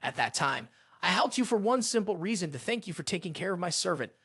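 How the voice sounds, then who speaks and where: A man's voice: high-pitched, very animated, fast talker, fairly bright tone, husky, dry recording, clean studio sound, heavily acted. A man voicing a proud, dramatic male sun god who complains indignantly in a story recap. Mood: furious.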